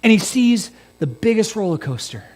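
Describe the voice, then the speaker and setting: A male pastor delivering a sermon with animated storytelling, dropping from loud emphasis to near-hushed asides. His voice sits fairly high, and the hall adds a long reverb. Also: normal speed.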